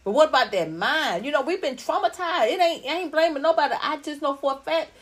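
A woman's voice: high-pitched, expressive, a little fast. A middle-aged woman hosting a podcast, talking casually to viewers in a blunt, profane and preachy way. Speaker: podcast host. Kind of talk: casual livestream talk to viewers.

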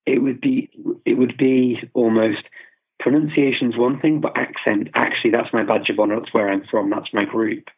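A man's voice: medium pitch, steady tone, normal speed, slightly rough. A British man explaining his views thoughtfully in a conversational interview, often restarting his sentences. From Britain. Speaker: guest, polyglot. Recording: phone-like remote call audio.

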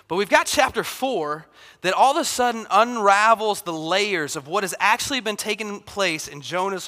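A man in his thirties, a pastor, preaching a sermon in a casual, animated way. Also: high-pitched. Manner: casual and animated, acts out Bible figures. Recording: long hall reverb.

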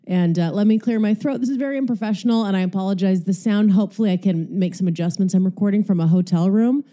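A woman's voice: mid-range voice, fast, warm tone. A woman hosting her own podcast in a casual, chatty, salty way, a little out of breath, recording from a hotel room. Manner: chatty, profane, self-deprecating. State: slightly out of breath. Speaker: podcast host. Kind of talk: casual solo podcast chat.

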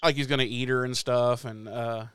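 With a medium-pitched, clear and resonant voice at an ordinary pace, a man from the American Midwest co-hosts a podcast. He retells a TV episode casually and energetically, acting out lines and cursing plenty, and the recording has no room sound.

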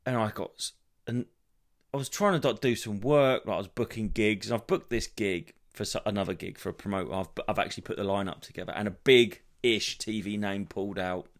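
A man's voice: on the low side, brisk. Solo podcast host, man, thirties, sweary meandering storyteller. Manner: rambling, sweary, animated storytelling. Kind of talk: solo rambling comedy podcast.

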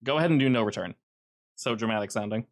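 A man's voice: lowish voice, quick pace. A man running a tabletop game as game master, telling the scenes in a casual, vivid way with many fillers.

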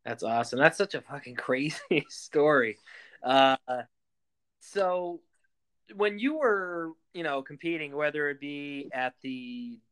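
Smooth-voiced male podcast host. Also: a little high, lively intonation, fairly bright tone. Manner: loose and halting, lots of fillers while asking. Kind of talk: casual interview chat.

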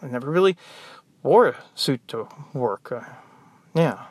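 A man's voice: medium pitch, animated, measured pace, slightly rough, no echo. An American man who works as a nurse, talking in a rambling, exasperated, joking monologue. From United States. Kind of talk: casual monologue.

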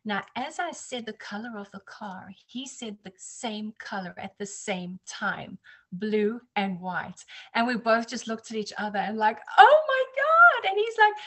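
A woman's voice: measured pace, slightly rough. Woman reader chatting, tells stories with lots of life, jumps way up when she quotes people. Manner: animated, acts out quotes in higher voice. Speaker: psychic reader, guest. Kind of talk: casual storytelling chat.

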